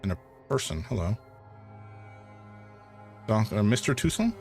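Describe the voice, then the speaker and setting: A man from Canada rambles through a live game playthrough, chatty and full of fillers and asides. His voice sits fairly low, and faint game music runs under his talk. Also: very animated, measured pace, gravelly, darkish tone. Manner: rambling, chatty, laughs often, many fillers. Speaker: gaming streamer.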